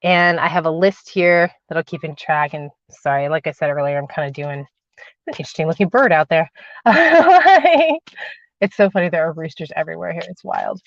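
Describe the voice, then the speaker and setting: A woman's voice: low-pitched, fairly even intonation, quick pace, no room sound. Affectionate emphatic woman on a lo-fi stream. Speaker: spiritual livestream host and tarot reader. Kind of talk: casual livestream chat and tarot reading. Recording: dull, lo-fi, dry livestream audio.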